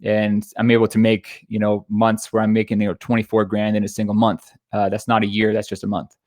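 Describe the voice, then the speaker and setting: A man in his thirties gives a webinar on growing a photography business. His voice sits low and stays fairly flat, and he talks quickly and casually, full of "uh" and "you know." The recording is dry and close, with no room sound. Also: no echo. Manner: quick, conversational, frequent fillers and restarts. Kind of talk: webinar presentation.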